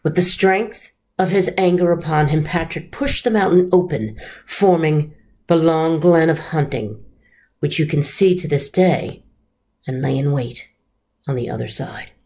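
A teacher reading a children's story aloud in an expressive, unhurried way. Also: female voice, deep voice.

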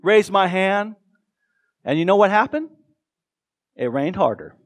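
This American pastor speaks a little slowly, his high voice carrying lively intonation. Delivering his sermon earnestly and emphatically, he slips into dramatic quoted voices.

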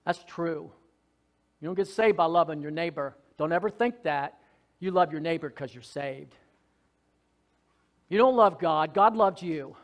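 A man preaches a sermon in a high, fervent voice. He is folksy and joking, drops to soft asides, then rises to loud shouted lines. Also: measured pace, pauses often. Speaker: pastor.

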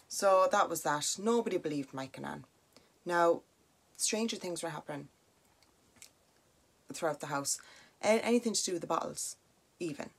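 A young Irish woman with a low voice tells a ghost story casually on her podcast. She chats along with plenty of "like" and "now" asides, animated and conversational. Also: normal speed, creaky, pauses often. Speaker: podcast host.

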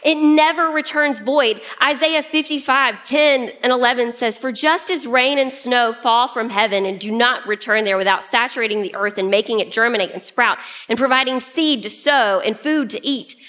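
A woman pastor preaching a sermon in an animated way, often shifting pace and pitch. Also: normal speed, few pauses.

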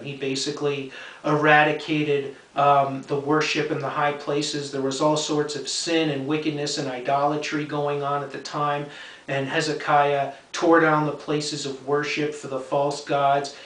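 A man's voice: on the high side, a bit bright, distant mic. A man teaching the Bible in an earnest, explanatory way. He often checks in with "okay?" and repeats key points for emphasis. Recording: roomy sound from off-mic.

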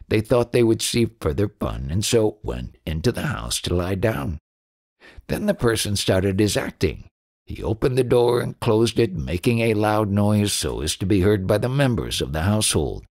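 A man narrating spiritual stories in an audiobook with an expressive reading. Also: lowish voice, breathy edge. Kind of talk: storytelling narration.

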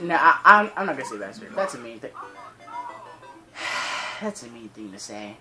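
Hosting a let's play, a teenager narrates the game and erupts into swearing, frustrated rants. His medium-pitched voice swings widely in pitch, bright and forceful at normal speed, over faint music in a rough recording.

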